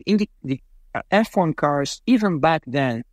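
Male guest, lively anecdotal delivery with acted-out quotes, dry close recording. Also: a little high, normal speed, dry recording. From Brazil. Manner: animated, acts out quoted voices, frequent fillers. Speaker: interview guest, racing driver. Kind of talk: casual storytelling.

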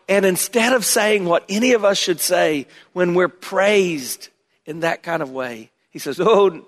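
A man delivers a sermon as pastor, his voice sitting a little high for a man. He swings dramatically between loud, emphatic bursts and hushed, low asides. The sound rings out with long reverb, as in a large church sanctuary. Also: normal speed.

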